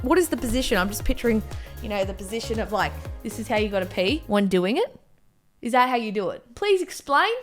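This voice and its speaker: A woman's voice: medium pitch, animated, fairly quick, soft background music. A young woman doing comic reaction commentary with playful, exaggerated outbursts and jokey asides. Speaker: YouTuber reacting to pictures.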